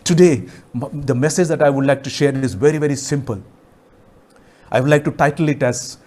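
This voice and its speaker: A young man from Nigeria preaching a sermon, fervent, with slow emphatic phrases and frequent hallelujahs. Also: medium pitch, darkish tone.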